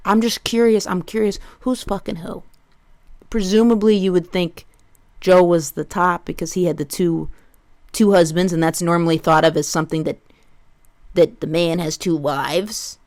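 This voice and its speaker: A woman's voice: lowish voice, steady tone, fairly quick, darkish tone. A woman in her thirties hosting a solo comedy podcast, riffing crudely and rambling from one tangent to the next.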